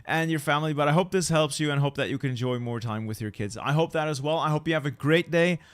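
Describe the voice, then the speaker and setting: A man's voice: on the high side, quick pace, clean tone, dry recording. A young man streaming a strategy game from home, grumbling at broken gear and swearing as he chats with viewers. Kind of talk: casual live-stream chat.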